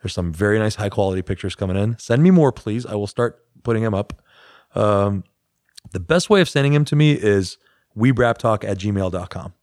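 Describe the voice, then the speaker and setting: A man's voice: lowish voice, lively intonation, fairly quick, darkish tone, no echo, clean studio sound. A man co-hosting a podcast in casual chat, rambling and joking, with mock-heroic asides. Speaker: podcast co-host.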